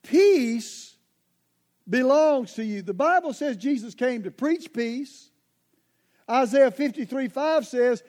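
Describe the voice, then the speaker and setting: Male preacher, very high-pitched voice, sermon, conversational and emphatic, speaks directly to the congregation. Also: expressive, slow pace, darkish tone.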